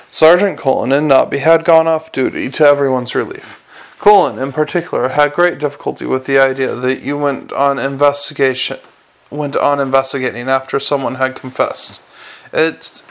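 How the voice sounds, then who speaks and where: A man's voice: fairly high pitch, creaky. A man narrating an audiobook with dry, wry storytelling.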